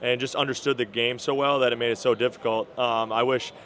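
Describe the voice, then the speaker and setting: Speaking quickly with a mid-range, fairly bright voice and fairly even intonation, this guest is an NFL wide receiver in his thirties. He's from Minnesota, has the accent to match, and answers interview questions modestly and easygoingly, saying um a lot.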